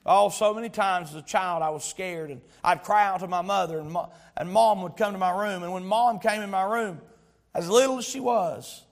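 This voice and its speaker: A man's voice: high-pitched, normal speed. A man preaching a sermon as a pastor, stretching out key words for emphasis and telling stories with humor. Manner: storytelling with humor.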